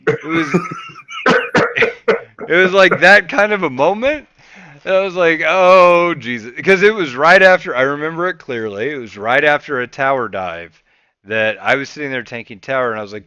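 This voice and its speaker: Bright, crisp-voiced man telling a story. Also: a little high, normal speed, no room sound, muffled recording. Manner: animated, swears freely, voices his past rants loudly. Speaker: podcast host. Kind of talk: casual podcast storytelling.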